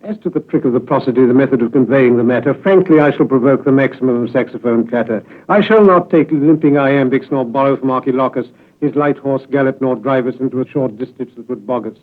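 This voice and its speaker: A man reciting his own poetry in a declamatory way, booming some lines and letting others trail off low. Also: fast talker. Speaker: poet. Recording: tinny lo-fi archival radio recording.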